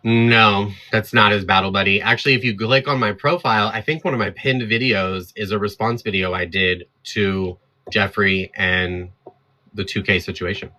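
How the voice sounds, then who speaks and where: Guy going off on his livestream, bright sharp voice, heated and defiant at the chat. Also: fairly low pitch, fairly even intonation, normal speed. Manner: defiant, fired up, talks straight at the chat. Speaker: livestream host.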